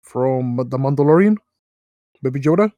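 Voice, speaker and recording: A man's voice: mid-range voice, lively intonation, moderate pace, warm tone, no room sound, dull audio. A young man co-hosting a podcast, telling rambling work stories with lots of slang and fillers. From Mexican background. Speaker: podcast co-host. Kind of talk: casual storytelling chat.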